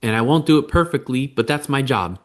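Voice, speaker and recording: Male guest, parenting coach, conversational, slips into voices for his examples, mid-pitched. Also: lively intonation, a little fast. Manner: conversational, explains with acted-out quotes. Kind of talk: podcast interview.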